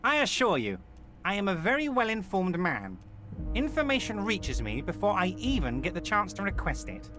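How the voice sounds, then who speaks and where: An actor playing a smug, jovial middle-aged union boss in a video game, speaking in an oily, patronizing and overly friendly way. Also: male voice, sits high, huge pitch swings, moderate pace, over music.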